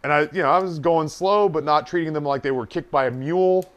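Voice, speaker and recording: A man's voice: fairly high pitch, quick pace. A man streaming live, telling a long story from his waiting days in a casual, profane, self-deprecating way.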